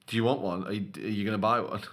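A man's voice: on the low side, fairly even intonation, rapid-fire, a bit bright. A man co-hosting a podcast, teasing and telling funny stories in casual chat. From United Kingdom. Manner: playful, teasing storyteller. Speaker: podcast co-host.

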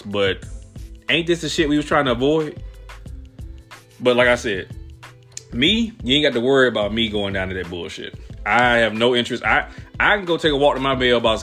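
Profane, animated man ranting. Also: medium pitch, fairly quick, soft background music. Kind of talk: casual rant.

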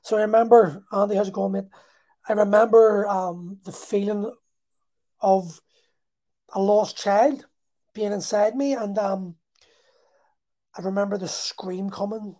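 A man telling a personal story in a halting, emotional way, full of restarts. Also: high voice, fairly even intonation, warm tone.

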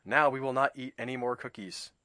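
A man voicing Frog, a calm and patient male frog from a children's storybook, who speaks in a measured, matter-of-fact way. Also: medium pitch, no room sound, studio quality, natural voice.

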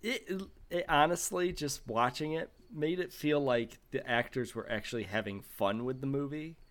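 A man's voice: mid-range voice, moderate pace. Man, podcast co-host, chatty, does little voices for quotes. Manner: animated, acts out quoted lines. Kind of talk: casual film review chat.

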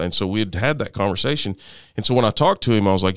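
A middle-aged man telling a personal story as an interview guest, halting, with frequent restarts and fillers, often dropping to a quieter level. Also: low-pitched, expressive, gravelly, no room sound, clean studio sound.

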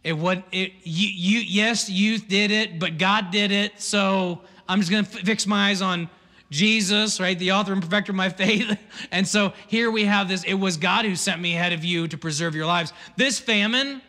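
A man preaching in a lively, chatty way, breaking into asides. His voice sits high and bright. A long reverb trails each phrase, as in a big hall. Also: normal speed. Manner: animated, conversational preaching with asides and laughs. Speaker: pastor. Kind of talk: sermon.

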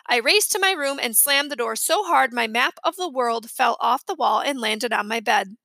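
A woman reading a children's chapter book aloud with lively storytelling. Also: fairly high pitch, moderate pace, creaky, no room sound. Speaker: reader.

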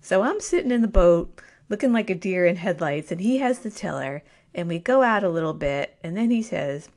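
A woman telling a personal story to an audience in a wry, self-mocking, animated way. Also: lowish voice, moderate pace.

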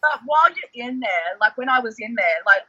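A man, a guest telling animated stories in casual chat, heavy on the word "like". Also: very high voice, fairly quick, no echo, lo-fi sound. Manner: excitable, animated storyteller, fillers like "like". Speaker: guest, former reality show contestant.

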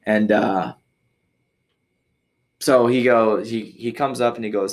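A man with a somewhat low voice from Michigan tells a story on his podcast. He talks in a loose, rambling way, full of fillers and restarts, and he acts out other people's voices when he quotes them. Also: fairly even intonation, a little slow, long pauses. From Michigan, USA. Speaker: podcast host. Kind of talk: casual storytelling.

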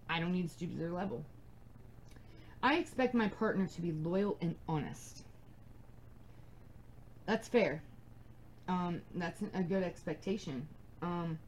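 A woman's voice: fairly low pitch, a little mellow, a little hiss or hum, low-quality recording. A young adult woman hosting a casual advice podcast, talking bluntly and emphatically and swearing freely. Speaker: podcast host.

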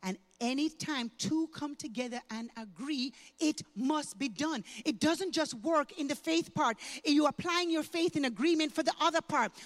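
An older woman pastor delivering a sermon, moving from conversational teaching to loud, impassioned preaching. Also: high voice, normal speed, hardly any pauses, long reverb tail. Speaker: guest pastor.

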